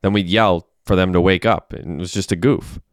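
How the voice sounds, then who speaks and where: Eager, scheming young ex-soldier, voiced by a male reader, low and clear. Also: fairly even intonation, a little fast, dry recording, clean studio sound, close to an everyday voice.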